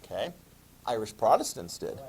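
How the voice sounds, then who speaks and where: A man's voice: on the low side, big pitch swings, moderate pace, a little mellow, a little hiss or hum. A man teaching a history class, chatty and quizzing his students as he goes. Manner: chatty, asks the class questions. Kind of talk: classroom lecture.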